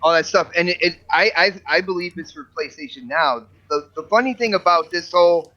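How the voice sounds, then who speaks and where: A man with a fairly high, bright, tense voice talks animatedly on a gaming podcast panel and stumbles over repeated words. His audio is dull and lo-fi. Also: a little fast. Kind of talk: casual panel chat.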